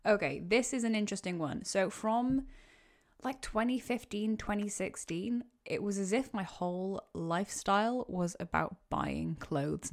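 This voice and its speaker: A young woman with a Welsh accent hosts her own podcast and speaks straight into a podcast microphone. She chats loosely through listener questions, rambling and catching her own words as she goes. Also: fairly low pitch. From Wales. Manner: chatty, rambling, self-correcting. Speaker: podcast host. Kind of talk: casual solo Q and A.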